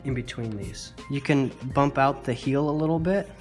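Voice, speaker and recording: A man's voice: medium pitch, moderate pace, soft background music. A man hosting a casual drawing tutorial, rambling and poking fun at his own mistakes with lots of filler words. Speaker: art tutorial host.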